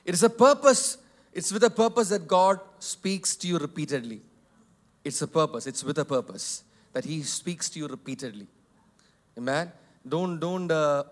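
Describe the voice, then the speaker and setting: A man preaching a sermon as pastor, emphatic and repetitive, swinging between loud declarations and quiet asides. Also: on the high side. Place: church hall.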